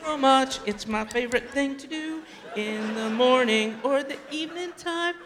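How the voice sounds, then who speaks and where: A man's voice: extremely high pitch, normal speed, a bit bright, big-room sound, soft background music, voice pushed up. A man acting out a blissed-out male junkie who gushes dreamily about heroin. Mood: gushing.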